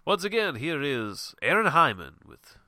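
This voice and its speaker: A man's voice: on the high side, big pitch swings, a little slow, bright, forceful tone, dry recording, studio quality. A man hosting a show with a stuffy, nasal voice from a head cold, giving loose, frank encouragement to fellow artists. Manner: loose, rambling and frank, with laughs and mild swearing. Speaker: show host and comic artist. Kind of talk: casual motivational monologue.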